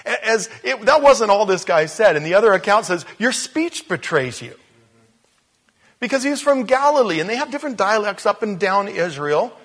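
A man's voice: high voice, fairly bright tone. A male pastor preaching a sermon in a church, telling the story with jokes and acting out the scenes. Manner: jokey, storytelling preacher who acts out scenes.

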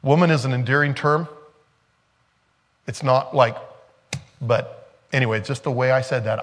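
A man preaching a sermon in a relaxed, conversational way. His voice sits at an ordinary middle pitch. He slows down to stress points and breaks off into joking asides and laughter. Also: big-room sound. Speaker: pastor.

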